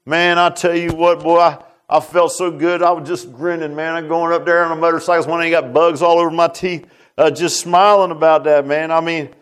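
A man's voice: fairly high pitch, level tone, fairly quick, a bit bright, clean tone. An older man telling a personal story in a sermon, folksy and repetitive, leaning on filler like "man". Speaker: preacher.

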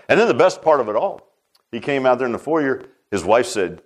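A man's voice: medium pitch, big pitch swings, normal speed, pauses often. A man preaching a sermon as pastor, folksy and emphatic, with frequent "huh?" asides and storytelling.

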